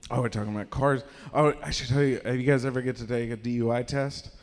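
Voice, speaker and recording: A man's voice: medium pitch, steady tone, fast, big-room sound. A man doing a live stand-up set, telling a rambling story full of fillers and laughing at his own jokes. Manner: rambling storyteller, filler-heavy, cracks himself up. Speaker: stand-up comedian. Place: live comedy showcase venue.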